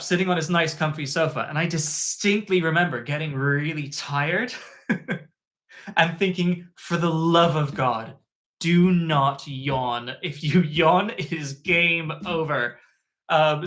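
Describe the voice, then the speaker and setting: A man who works as a tutor, telling an anecdote in a chatty, animated way with plenty of fillers. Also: fairly high pitch. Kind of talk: casual spoken anecdote.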